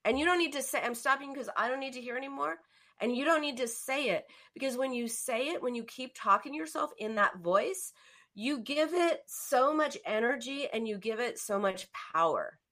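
Bright, firm woman coach. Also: a little high, lively intonation, normal speed. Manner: firm, interrupting, demonstrative. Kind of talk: live coaching session.

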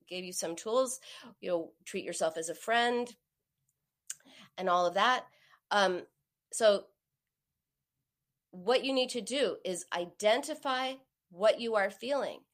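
A woman in her forties talks straight to her listener, giving warm, practical advice. She tells stories lively, often leaping up in pitch to act out what others said. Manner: animated storyteller, acts out quoted voices with sharp pitch jumps. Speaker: host giving advice on emotional eating. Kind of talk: direct-to-listener advice talk.

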